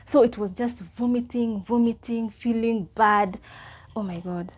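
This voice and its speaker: A young Kenyan woman with a Kenyan accent telling a personal story in a casual, animated way, slipping Swahili phrases into her English. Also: a little high, a little slow, slight background noise. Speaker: vlogger.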